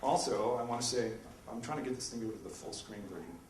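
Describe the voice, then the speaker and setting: A man's voice: medium pitch, fast, recorded from a distance, a little hiss or hum. Man lecturing in an echoey hall. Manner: lecturing, animated, with many ums and uhs. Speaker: philosophy professor in a debate. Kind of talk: public debate presentation. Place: university lecture room. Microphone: distant from the microphone. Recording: echoey room recorded from afar.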